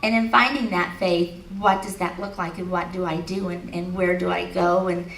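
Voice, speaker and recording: A woman's voice: on the low side, flat delivery, normal speed, a bit bright. Storytelling woman speaker in an echoey hall. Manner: storytelling, laughing, leading the audience in affirmations. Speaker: speaker at an expo. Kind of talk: motivational talk to a live audience. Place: large hall at an expo. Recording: echoey hall recorded from a distance.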